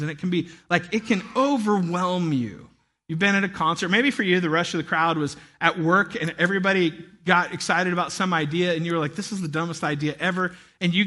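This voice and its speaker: A man in his thirties preaching a sermon, telling a lively story with acted-out shouts and laughter. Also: sits high. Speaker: pastor.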